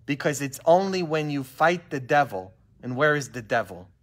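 A man, a pastor leading a Bible study in a church, preaching with animated rhetorical questions and a constant "huh?". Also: a little high, normal speed. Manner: animated, asks the group questions and keeps tagging "huh?".

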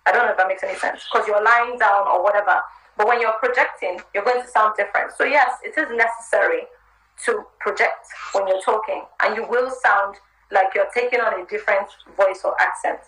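A woman's voice: mid-range voice, fairly quick, fairly bright tone. A woman with an American accent, the guest in a live chat interview, giving candid, chatty career advice. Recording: roomy live stream audio.

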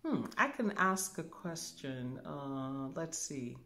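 A woman spiritual teacher giving a calm demonstration, musing aloud and humming softly as she thinks. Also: deep voice, creaky. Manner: slow, musing, thinks aloud with soft hums.

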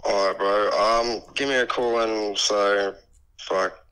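A man with a croaky voice who says he is a bit sick, answering a phone call in a laid-back, slangy way. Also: lowish voice, fairly even intonation, takes it slowly, a bit bright. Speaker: prank call target.

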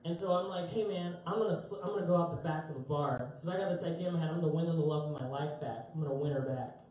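A man's voice: fairly high pitch, fast talker, mellow. A young man doing live stand-up, telling a rambling, self-mocking story with lots of fillers. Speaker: stand-up comedian. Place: concert club stage. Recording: roomy live club sound from a distance.

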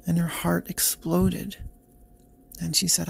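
A man narrates a bedtime story softly and gently. His voice is deeply gravelly and husky, and he keeps a flat, unhurried delivery. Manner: soft, gentle, slow storytelling.

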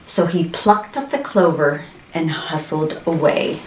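A woman reading a storybook to children, gentle, with playful asides. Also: deep voice, unhurried, far from the mic. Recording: roomy, voice from off-mic.

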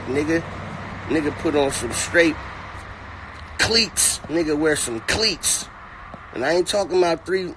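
Against a noisy background, a man with a slightly high voice rants from inside a car. The comedic commentator is profane and mocking, animated and prone to repetition.

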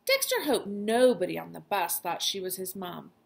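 A woman's voice: medium pitch, normal speed, gravelly. A woman teacher reading a children's chapter book aloud to her class. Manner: expressive storytelling voice.

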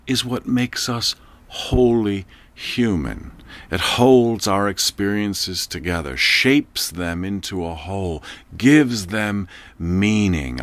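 A man narrating an audiobook in a slow, measured, reflective way. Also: on the low side, a bit bright, no echo.

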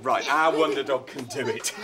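A man playing a school teacher, talking in a brisk, jolly and apologetic way in a children's series. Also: medium pitch, a crowd in the background, close to an everyday voice. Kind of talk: children's live-action series.

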